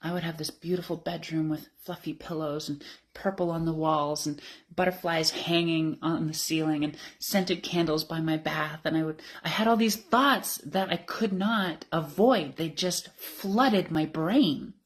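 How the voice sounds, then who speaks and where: A woman's voice: low-pitched, a little slow. A woman in her thirties telling her life story candidly and emotionally, laughing often. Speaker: interviewee. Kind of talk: personal storytelling.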